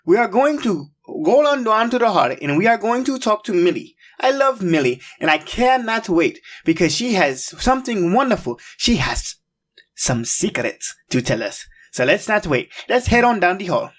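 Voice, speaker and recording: A man hosting a children's show, coaxing viewers through slow, emphatic call-and-response. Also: high-pitched, sing-song. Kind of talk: upbeat kids' show hosting.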